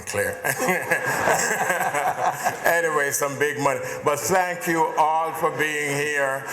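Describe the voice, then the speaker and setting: An older Jamaican man delivers an award acceptance speech, chatty and self-deprecating, in a voice of middling pitch. His words ring out in a large event hall, the sound roomy with a long reverb tail. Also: fairly bright tone. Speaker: award honoree, dancer.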